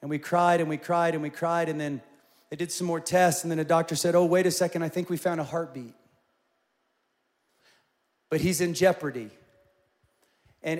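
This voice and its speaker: Animated storytelling male pastor. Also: a little high. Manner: animated storytelling with sudden loud emphatic peaks. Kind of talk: sermon.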